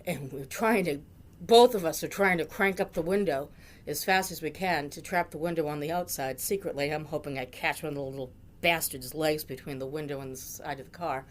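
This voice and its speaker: A woman's voice: deep voice, a little fast. A middle-aged woman from Massachusetts telling a funny memory about a friend, with dramatic, jokey exaggeration. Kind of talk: storytelling tribute.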